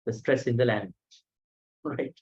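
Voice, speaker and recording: A man teaching a language lesson online, saying each sound slowly and patiently, with frequent pauses. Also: mid-range voice, slightly rough. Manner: slow, patient, pronounces sounds one by one with many "uh" pauses. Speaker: Pali teacher. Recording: dull lo-fi audio.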